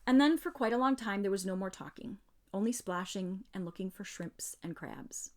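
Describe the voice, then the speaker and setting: A woman reading a children's novel aloud in measured, expressive narration. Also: medium pitch. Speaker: reader. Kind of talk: storybook read-aloud.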